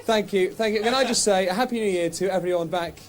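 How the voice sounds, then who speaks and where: A man presenting a live TV outside broadcast, joking and shouting over a party crowd. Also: high voice, quick pace. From England. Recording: noisy crowded house party.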